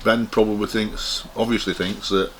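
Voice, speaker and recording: A man talking as a guest in a casual chat, measured and hesitant, often restarting his phrases. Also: on the low side, flat delivery, a little hiss or hum.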